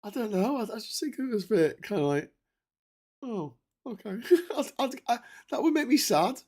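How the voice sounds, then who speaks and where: A man hosting a long solo livestream, reading out viewer messages in an excitable, chatty way, laughing often and restarting his sentences, and tired from the long stream. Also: extremely high pitch, a little fast. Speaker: livestream host.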